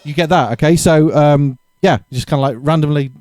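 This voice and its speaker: A man's voice: on the high side, fairly quick, loud music behind the voice. A man giving a casual drum lesson, thinking aloud and correcting himself as he explains exercises. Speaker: drum teacher.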